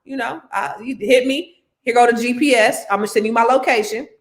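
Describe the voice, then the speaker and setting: A woman in casual relationship talk, teasing and quick to laugh. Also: on the high side.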